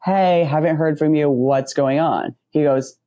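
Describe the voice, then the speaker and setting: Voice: mid-range voice, measured pace, warm tone, muffled recording. A podcast co-host in casual chat, animatedly acting out quoted conversations while telling a story.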